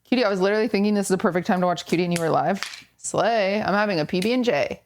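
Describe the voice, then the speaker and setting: A woman's voice: mid-range voice, very fast, a little hiss or hum. A woman streaming from home, chatting casually and pointing self-deprecating jokes at her chat while she moves around her kitchen.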